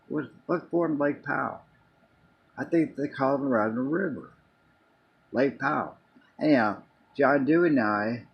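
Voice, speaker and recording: A man's voice: mid-range voice, creaky, husky, muffled recording. A man casually telling a long personal story in a rambling way, restarting and repeating words as he goes. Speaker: vlogger.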